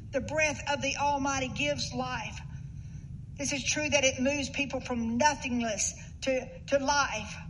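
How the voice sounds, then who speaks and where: Woman preacher, high and bright, earnest sermon delivery with emphatic peaks. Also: a little hiss or hum, rough recording. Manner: earnest, rising to emphatic bursts.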